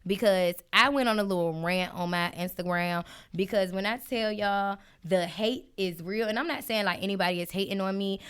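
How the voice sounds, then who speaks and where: A woman with a clear, resonant, medium-pitched voice rants casually and animatedly on her podcast from a home setup, where listeners join a live stream. She speaks at a moderate pace with few pauses, addressing them directly with plenty of asides.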